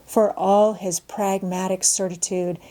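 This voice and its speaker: A woman narrating a classic novel aloud in a measured, expressive storytelling manner. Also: mid-range voice. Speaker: audiobook narrator.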